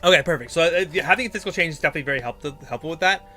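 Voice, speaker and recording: A man's voice: on the high side, animated, rapid-fire, sharp tone, soft background music. A man streaming live, chatting casually and giving character-writing advice, thinking aloud with lots of fillers.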